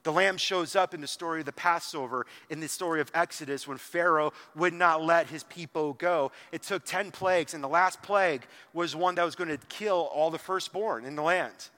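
Bright-voiced preacher in a reverberant hall. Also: male voice, a little high, normal speed, few pauses. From small town. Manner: conversational, frequent "like", acts out quotes with sudden emphasis. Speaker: pastor. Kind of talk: sermon. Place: church hall.

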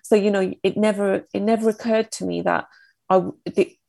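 A woman in her thirties, a podcast guest, recounting a painful personal story in a halting, emotional, reflective way. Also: medium pitch, steady tone, vocal fry, warm tone, dry recording.

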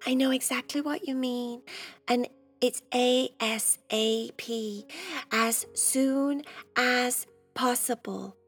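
Woman as a prim, level-headed cat for a kids' story; soft, quiet, fairly high. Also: steady tone, takes it slowly, breathy edge, soft background music, heavily acted. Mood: calm. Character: calm, prim female cat. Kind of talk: children's bedtime story.

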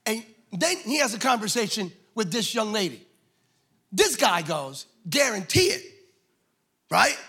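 A man preaching a sermon, acting out the scripture voices and shouting for emphasis. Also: sits high, sing-song, unhurried, slightly rough. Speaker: pastor.

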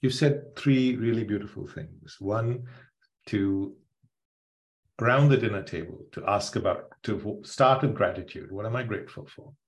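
Low-voiced man host, reflective. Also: moderate pace. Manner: reflective, summing up the guest's points. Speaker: podcast host. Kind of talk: podcast interview.

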